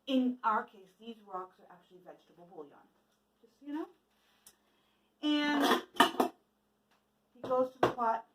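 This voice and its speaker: A woman tells a folk tale to a church audience, cooking along as she goes and asking listeners questions. Her voice is high and very animated. The sound is roomy and heard from some distance. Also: background noise. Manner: lively, asks the listeners questions. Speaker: storyteller for a church children's message. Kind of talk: casual storytelling with a cooking demo. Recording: echoey room from a distance.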